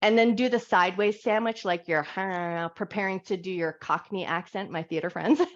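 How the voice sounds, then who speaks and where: A woman teaching a live yoga class on a clip-on mic, giving soft, soothing guided cues. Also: medium pitch, fairly even intonation, normal speed. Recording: dull lo-fi live class audio.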